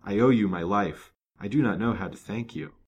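A man's voice: lowish voice, normal speed, darkish tone, slight background noise, close to an everyday voice. A man reading the lines of a frail, grateful young woman in a storybook, in an earnest, emotional tone. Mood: pleading.

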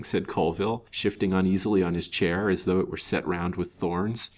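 A man narrating a chapter of an old-fashioned storybook in a measured, expressive way. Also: low-pitched. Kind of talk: storybook reading.

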